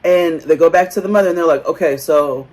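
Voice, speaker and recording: A co-host of a reality-TV recap show, chatting casually and profanely, laughing often and acting out quotes in big high voices. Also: steady tone, fast, darkish tone. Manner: laughs often while talking. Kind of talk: casual pop-culture recap chat.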